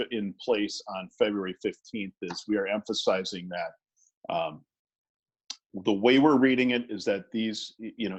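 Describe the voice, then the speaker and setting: A man's voice: lowish voice, husky, low-quality recording. A man who works as a business lawyer, presenting a webinar in a conversational way with many fillers and restarts.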